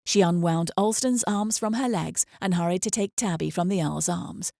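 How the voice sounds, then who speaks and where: Gravelly-voiced woman reading an audiobook. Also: fairly low pitch, no room sound, studio quality. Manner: measured, expressive storytelling. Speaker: audiobook narrator. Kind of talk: scripted audiobook narration.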